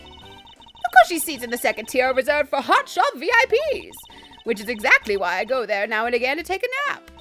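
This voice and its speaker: A woman voicing a loud, boastful old woman witness in a game, with a high shrieking manner. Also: huge pitch swings, a little fast, faint music behind, heavily acted. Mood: haughty.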